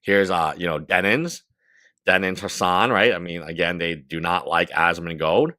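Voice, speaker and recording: A man commentating a video, halting, with many fillers. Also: low voice, fairly even intonation, bright, forceful tone, no room sound, studio quality. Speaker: commentator in a played clip.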